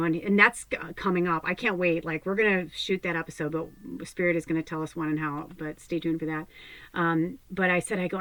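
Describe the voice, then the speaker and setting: A woman spiritual medium talks straight to her viewers in a loose, rambling way, swearing and laughing as she goes. Her voice sits a little low for a woman. The sound is dry and close, with no room echo. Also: a bit bright. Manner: rambling, candid, profane, laughs often. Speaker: spiritual medium, channel host. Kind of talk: casual talk to viewers.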